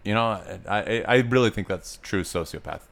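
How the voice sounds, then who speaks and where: A man's voice: lowish voice, normal speed, creaky, a bit bright. A man co-hosting a casual movie-review podcast, blunt and outspoken, cursing freely as he gives his opinions. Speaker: podcast co-host.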